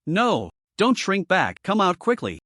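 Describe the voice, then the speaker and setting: A man's voice: sits high, huge pitch swings, a little slow, a bit bright, no echo, studio quality, voice pushed up, full character voice. A man voicing a male skeleton in pain, whiny and desperate, for a story recap. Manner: whiny, pained.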